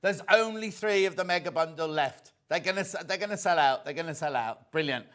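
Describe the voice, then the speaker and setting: A man's voice: on the high side, fairly quick, fairly bright tone. A chatty man presenting a live sewing shopping show, repeating himself and chatting with his guest. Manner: chatty, repeats himself, reads viewer messages. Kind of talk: live sales chat.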